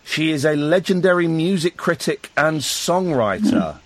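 Excitable jokey radio host guy, bouncy lively voice, dry close studio mic. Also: on the high side, a little slow, no echo. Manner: excitable, jokey, laughs often. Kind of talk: late-night radio phone-in chat. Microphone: studio microphone.

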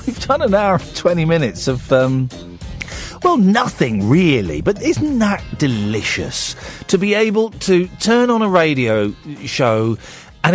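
A man hosting a late-night talk radio show, bantering in a jokey, deadpan way at a studio mic. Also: high voice. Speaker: radio host. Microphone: studio microphone.

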